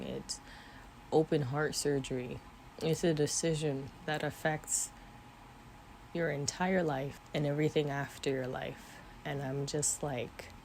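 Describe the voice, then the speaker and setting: Speaking to camera, this twenty-something vlogger opens up emotionally about her faith, her eyes occasionally welling up between small laughs. She has a low voice, picked up by the camera mic along with slight background noise.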